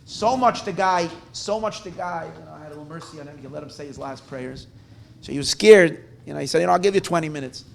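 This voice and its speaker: A male rabbi telling a story at a live gathering in an animated, conversational way, often breaking off and restarting his sentences. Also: a little high, fairly quick, creaky. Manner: animated, conversational, self-interrupting.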